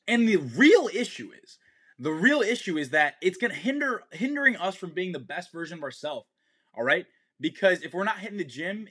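Intense husky young man, motivational talk. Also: high voice, fairly bright tone. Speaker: fitness podcast host. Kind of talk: motivational monologue.

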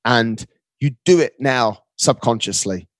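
Guest voice: energetic, emphatic man, frequent "mate", dry close sound. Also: medium pitch, a little slow, no echo. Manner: upbeat, emphatic, keeps calling the listener mate. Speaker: guest, marathon runner. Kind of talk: casual interview talk.

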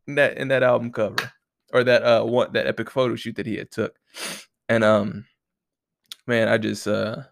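Solo host, male, stuffy nose, low gravelly voice, loose profane chatter, dry close sound. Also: dry recording. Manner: laid-back, rambling, profane slang. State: nasal, stuffed up from allergies. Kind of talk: casual solo talk.

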